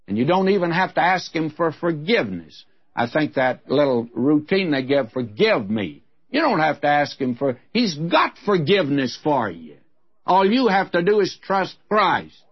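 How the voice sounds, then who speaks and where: Husky-voiced man preaching a folksy sermon. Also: on the high side, highs cut off. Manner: folksy, frank, conversational preaching. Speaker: Bible teacher.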